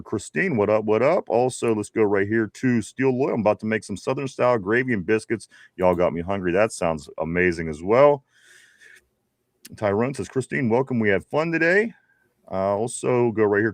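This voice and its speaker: A man's voice: on the low side, moderate pace, dry recording. Chill pittsburgh guy hosting a live show, reading chat, laughs a lot, dry close sound. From Pittsburgh area. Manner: laid-back, laughs often, reads chat messages aloud. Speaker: podcast host. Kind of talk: casual live-stream chat reading viewer comments.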